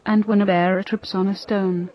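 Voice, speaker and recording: A woman narrating a religious story in a steady, reverent reading. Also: mid-range voice, normal speed, poor audio.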